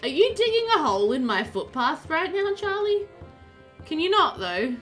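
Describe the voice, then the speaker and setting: A woman's voice: high voice, very animated, moderate pace, fairly bright tone, soft background music. A woman streamer chatting casually and animatedly with viewers while playing a game, often laughing.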